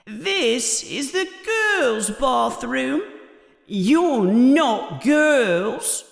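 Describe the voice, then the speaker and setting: A man voicing a sad, touchy ghost of a schoolgirl in a slow, plaintive wail. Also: very high voice, very animated, gravelly, roomy sound, long reverb tail, pitched above the performer's own voice, full character voice.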